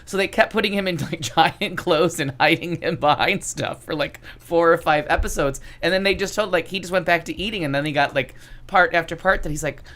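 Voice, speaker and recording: A woman's voice: on the low side, fairly quick, fairly bright tone. A woman chatting on a podcast, telling rambling stories and presenting an entertainment news segment. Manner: rambling, chatty, self-interrupting. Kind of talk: casual podcast chat.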